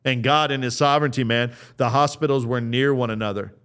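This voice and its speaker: A man's voice: medium pitch, steady tone, brisk, fairly bright tone, clean tone. A man in his thirties preaching an earnest, conversational sermon, often restarting his phrases as he builds a point. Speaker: pastor.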